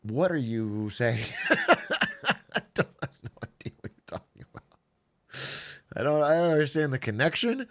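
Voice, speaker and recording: A man's voice: on the high side, very animated, a little slow, long pauses, fairly bright tone. A young man chatting casually on his stream, sarcastic and laughing often.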